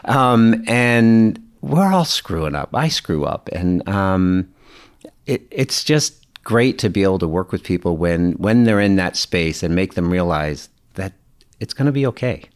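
A man's voice: low-pitched, lively intonation, a little slow, clear, resonant tone. A middle-aged man telling a personal story in a candid, casual way, swearing freely and laughing as he goes. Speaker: guest.

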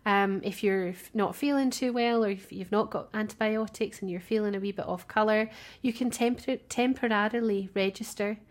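A woman's voice: medium pitch, steady tone, normal speed. A woman co-hosting a podcast in casual chat, talkative, laughing often and restarting her sentences. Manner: chatty, warm-hearted, laughs often, many restarts. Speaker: podcast co-host. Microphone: remote call.

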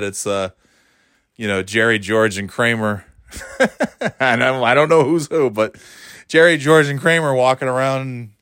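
A man's voice: fairly low pitch, fairly bright tone, dry recording, clean studio sound. A man telling a casual, rambling story about his past, often interrupting himself and laughing.

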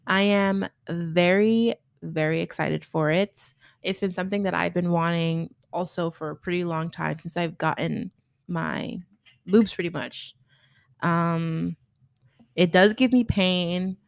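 A young woman co-hosting a podcast, chatting casually and telling stories with lively quoted voices. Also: fairly low pitch, unhurried, vocal fry, no echo, studio quality. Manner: animated storyteller, acts out quoted voices. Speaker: podcast co-host. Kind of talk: casual chat.

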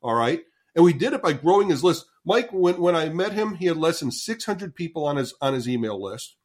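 A man in his sixties, a marketing consultant telling a story as a podcast guest, animated, often stumbling and repeating words, swearing casually. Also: a little high, a little fast.

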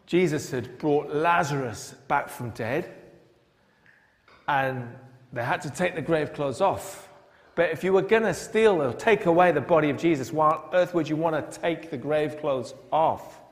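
A man preaches, his voice pitched a little high and his delivery unhurried and deliberate. He retells the Bible story with drama and keeps asking his listeners questions. A long church reverb trails after every phrase. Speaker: pastor. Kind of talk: sermon. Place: large church.

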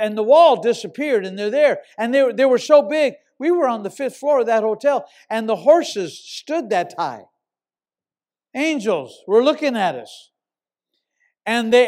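A middle-aged pastor with a notably high voice delivers a sermon. He tells his story emphatically, doubling words for stress and moving between scripture and anecdote. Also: a little mellow.

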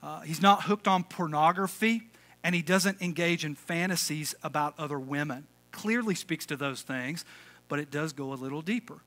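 A male pastor preaching a lively, conversational sermon, calling out to the congregation. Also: fairly high pitch, moderate pace. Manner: energetic, conversational, calls for audience response.

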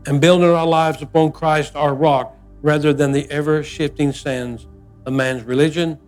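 Older male pastor, high-pitched voice, folksy and emphatic sermon delivery. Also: fairly even intonation, moderate pace, faint music behind. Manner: folksy, emphatic preaching with repeated phrases.

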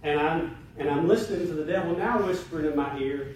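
A man's voice: on the high side, a little fast, a little mellow, slight background noise. A man preaching a sermon to his church, speaking with building, impassioned emphasis. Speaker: pastor. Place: church sanctuary. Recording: very echoey room, voice from a distance.

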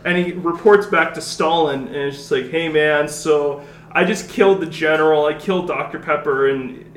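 Crude, laughing young man, fairly high voice. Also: normal speed, echoey room, a little hiss or hum. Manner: crude, swears a lot, laughs often. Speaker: co-host recapping their web series. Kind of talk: casual chat.

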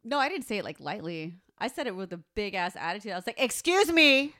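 A woman telling a story in casual chat, animated, swearing freely and acting out what people said. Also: mid-range voice, quick pace, dry recording, studio quality.

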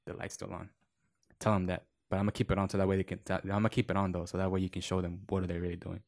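A man's voice: low voice, monotone, very fast, vocal fry, a little mellow. A man telling long work stories in casual chat, rambling with many fillers and acting out quoted voices. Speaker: podcast guest.

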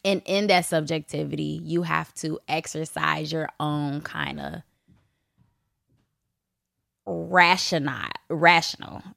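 A young woman hosting her own podcast, talking candidly and bluntly with lots of swearing and laughter, her voice jumping from loud bursts to low asides. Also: steady tone, slow pace, vocal fry, long pauses, dry recording, studio quality. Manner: blunt, profane, laughing often. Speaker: podcast host. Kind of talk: candid solo podcast talk.

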